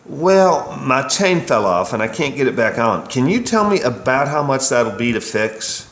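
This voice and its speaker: A man's voice: medium pitch, sing-song, normal speed, a bit bright. A man voicing a sighing, reluctant woman of about sixty who wants her bike fixed. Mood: weary. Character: weary sixty-year-old woman bike customer. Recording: roomy echo.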